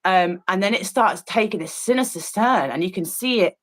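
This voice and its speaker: A woman's voice: mid-range voice, moderate pace, poor audio. Woman telling a rambling story, casual chat. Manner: rambling storytelling with many fillers and restarts; incredulous and disgusted. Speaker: co-host of an art stream. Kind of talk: casual chat while painting.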